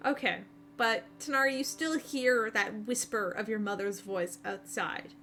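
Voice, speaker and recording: A young woman runs a tabletop game with a high voice. Her tone is bright and forward. She jokes and swears with her players, then hushes to narrate eerie moments. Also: a little slow, a little hiss or hum. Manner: lively, swears freely, hushed when narrating. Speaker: game master. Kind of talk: running a tabletop game over voice chat.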